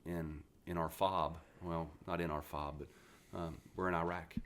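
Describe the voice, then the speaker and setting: A man's voice: sits low, a little slow. A man in his forties from West Virginia, a retired Marine telling stories bluntly and with plenty of swearing as a podcast guest. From West Virginia, USA. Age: 40s. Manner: blunt, profane, animated storyteller. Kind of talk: casual interview storytelling.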